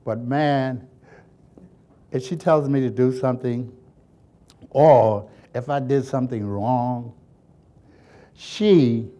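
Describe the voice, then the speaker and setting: An older man reminisces in an interview, spinning folksy stories from his childhood. He chuckles often and keeps the telling lively. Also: medium pitch, slow, pauses often. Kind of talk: storytelling reminiscence.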